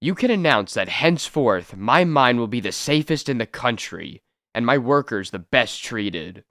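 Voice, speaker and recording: A man's voice: medium pitch, expressive, moderate pace, a bit bright, no echo, clean studio sound. A man reading a comic book aloud, voicing a selfish older male mine owner who is haughty and curt. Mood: earnest.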